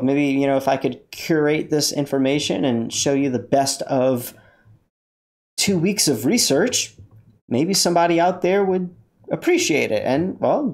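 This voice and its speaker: A man's voice: on the high side, darkish tone. A man hosting a casual livestream from inside his car, rambling, joking and talking back to his chat. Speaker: livestream host.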